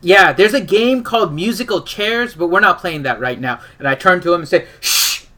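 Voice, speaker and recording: Bright-voiced joking game player. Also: male voice, high voice, expressive, a little fast. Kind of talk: tabletop game play.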